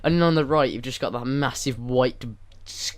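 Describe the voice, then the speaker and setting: A teenager, co-hosting a casual podcast with quick, sweary reactions. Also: mid-range voice, dry recording. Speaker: podcast co-host. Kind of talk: casual chat.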